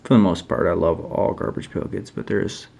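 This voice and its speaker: A man with a low, gravelly voice walks through his trading card sketches in a relaxed show-and-tell. He rambles and thinks aloud, often pausing to criticize his own work. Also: a little hiss or hum.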